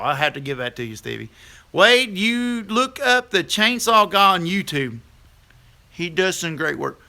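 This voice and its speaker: Host, middle-aged man, high and piercingly bright voice, folksy live-stream banter. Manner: folksy, chatty, laughs easily. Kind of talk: casual live stream chat with viewers.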